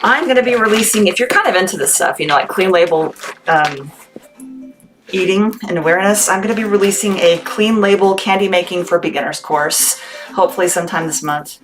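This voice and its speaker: A woman's voice: medium pitch, brisk, music in the background. A woman hosting a casual livestream, chatting with viewers and reading their comments aloud. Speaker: livestream seller host. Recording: noisy livestream audio.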